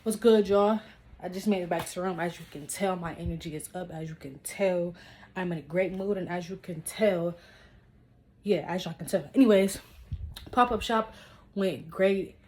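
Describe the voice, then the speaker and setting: A young woman with a slightly low voice vlogs from her own room. She chats casually and excitedly to her viewers, circling back and repeating herself as she talks. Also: normal speed, a little hiss or hum. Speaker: vlogger. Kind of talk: casual vlog chat. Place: her room indoors, dimly lit.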